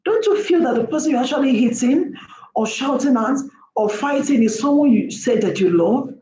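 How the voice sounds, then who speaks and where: A woman's voice: high voice, warm tone. A woman delivers a passionate vlog monologue. She lectures the listener and hammers home her points with repeated rhetorical questions. Her voice bounces around a roomy space over a faint background hum. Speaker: vlogger. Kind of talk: impassioned opinion monologue.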